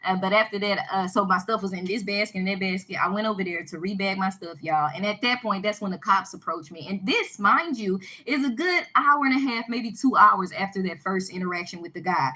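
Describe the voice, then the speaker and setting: Woman talking to her viewers real quick, bright edgy voice, keeps repeating herself. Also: mid-range voice, rough recording. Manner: animated, emphatic, repeats herself. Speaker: vlogger addressing her viewers. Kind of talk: casual storytelling vlog.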